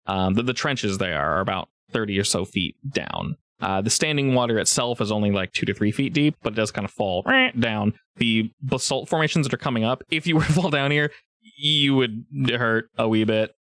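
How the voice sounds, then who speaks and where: A man narrating a tabletop game as game master, relaxed and rambling with many fillers. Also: fairly low pitch, normal speed, no room sound, studio quality.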